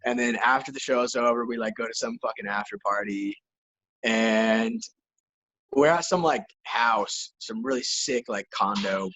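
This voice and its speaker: On a recording with the highs cut off, this medium-pitched guest, who plays hockey and raps, spins a wild anecdote for a podcast interview. His storytelling is profane and casual, crammed with "like" and other fillers.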